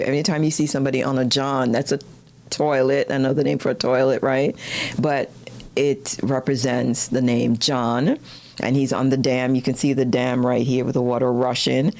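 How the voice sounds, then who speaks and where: A woman giving a casual, chatty study-skills lesson, laughing often and jumping up in pitch when she gets excited. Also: creaky.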